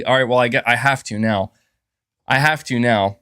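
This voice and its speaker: Male streamer, casual rambling host, mid pitch, slight sore throat, dry recording. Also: expressive, normal speed, fairly bright tone, dry recording. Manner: rambling, chatty, thanks viewers for gifts. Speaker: gaming channel host. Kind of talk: casual livestream chat.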